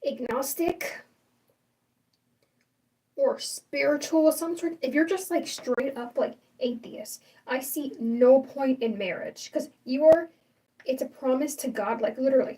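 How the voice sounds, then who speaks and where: A woman's voice: high-pitched, a little slow, dark tone, far from the mic, poor audio. A young adult woman hosting a casual livestream, rambling and opinionated with lots of fillers and restarts. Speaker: livestream host.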